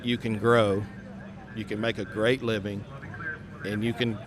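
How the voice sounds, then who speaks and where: A man's voice: fairly low pitch, level tone, measured pace. A company leader in a live podcast conversation, speaking earnestly and often repeating words as he starts a sentence. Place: outdoor trade skills event. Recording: live event with crowd noise. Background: crowd noise.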